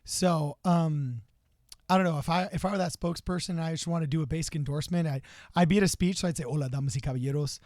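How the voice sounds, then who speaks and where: A man's voice: on the high side, fairly even intonation, fast talker, darkish tone, dry recording, clean studio sound. A man co-hosting a casual political podcast, chatty and storytelling, dropping in Spanish phrases. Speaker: podcast co-host.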